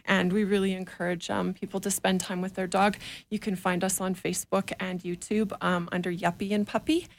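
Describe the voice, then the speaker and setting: A woman's voice: medium pitch, little pitch movement, fairly quick. A woman guest in a radio studio interview, answering earnestly and explaining things step by step. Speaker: guest, dog owner.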